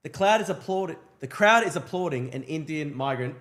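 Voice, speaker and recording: A man hosting a livestream and commenting quickly and chattily on a speech at a rally. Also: a little high, lively intonation, fairly bright tone. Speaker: livestream host. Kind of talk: live commentary. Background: crowd.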